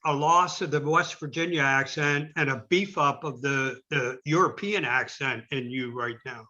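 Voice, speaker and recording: A man's voice: a little high, pushed and bright, highs cut off. A man from Baltimore, teasing the others at a club meeting. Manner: teasing, quick to laugh. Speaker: club member.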